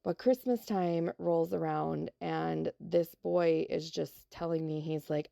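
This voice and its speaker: A middle-aged teacher from South Dakota, telling a heartfelt classroom story on a podcast. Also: female voice, low-pitched, steady tone, takes it slowly, gravelly, few pauses, dark tone, no room sound, studio quality. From South Dakota, USA. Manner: heartfelt and emotional, with many fillers. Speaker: elementary teacher.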